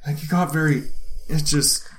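A man's voice: a little high, normal speed. A man telling a funny story in casual talk, swearing and laughing as he goes. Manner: animated, swears often, laughs through the telling.

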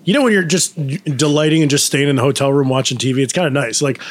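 A man's voice: on the high side, quick pace, dry recording. A man in casual podcast chat, telling rambling anecdotes and quoting people in put-on voices. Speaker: podcast co-host.

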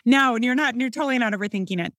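A middle-aged woman from the Midwest with a Midwestern American accent, talking in a chatty, animated storytelling way in a casual conversation. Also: fairly high pitch, racing, dry recording, studio quality. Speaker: cookbook author guest.

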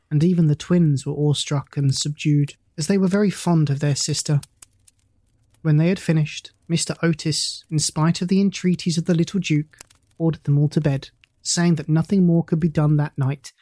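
A reader narrating a classic ghost story in a measured, even storytelling manner. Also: medium pitch, no echo. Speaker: audiobook narrator.

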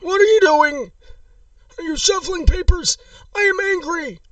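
A man voicing a furious old male war veteran on a prank call, shouting and cursing in a high, strained voice that breaks into sobs. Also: unhurried, no echo, far from the mic. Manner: shouting, cursing, sobbing rants. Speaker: prank caller.

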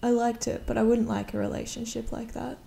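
A woman's voice: a little high, flat delivery, brisk, vocal fry, dark tone. A woman in a casual podcast chat about a film, making brief, tentative remarks.

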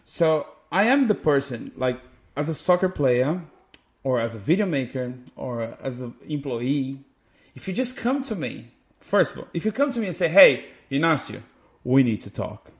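Brazilian podcast co-host, non-native English, higher male voice, swings his pitch a lot, bursts into loud acted quotes. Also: normal speed. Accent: Brazilian Portuguese. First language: Portuguese. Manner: animated, acts out quotes with sudden loud outbursts. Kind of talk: casual chat.

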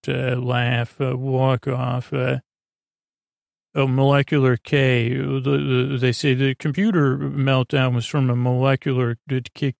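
A man with a gravelly, creaky voice meanders through a sleepy recap, stopping and restarting and filling gaps with uhs. His sound is close and dry, with no room around it. He retells the dialogue casually in his own voice. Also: medium pitch, no room sound. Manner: meandering, halting, many fillers and self-corrections. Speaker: sleep podcast host. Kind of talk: rambling episode recap for sleep.

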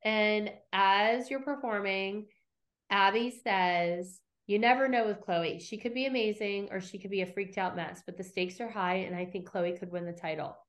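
A middle-aged woman hosts a casual podcast and speaks into a podcast mic. She recaps old scenes with lively storytelling, acts out each quote, and swears freely. Her voice sits at an ordinary, mid-range pitch. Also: normal speed. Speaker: podcast host recapping episodes.

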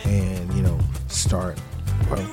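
A man co-hosting a casual chat and asking a guest questions in a loose, halting way. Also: low voice, flat delivery. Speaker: podcast co-host. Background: music.

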